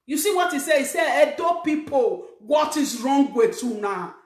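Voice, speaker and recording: A middle-aged Nigerian woman hosting her own show, lecturing viewers in an emphatic, scolding way that rises to shouts. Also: sits high, lively intonation, normal speed, roomy sound. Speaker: talk show host. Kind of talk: preaching monologue to viewers. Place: living abroad, in a room.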